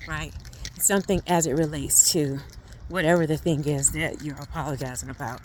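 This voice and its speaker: A woman's voice: deep voice, fairly even intonation, normal speed, darkish tone, slight background noise. A middle-aged woman, a family life coach, giving a casual teaching talk. She speaks conversationally and often checks in with "right?".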